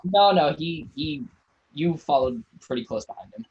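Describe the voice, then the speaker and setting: A man narrating a tabletop game as dungeon master, relaxed and halting, with many fillers. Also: a little high, lo-fi sound, slight background noise.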